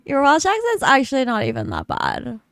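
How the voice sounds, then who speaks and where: A bubbly woman chatting in character during a game roleplay, with a slightly high voice that swoops a lot and a gravelly fry. She is heard close and dry, with no room sound. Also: huge pitch swings, brisk, a bit bright, dry recording. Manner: bubbly, slang-heavy, laughs often. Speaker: streamer playing a police officer.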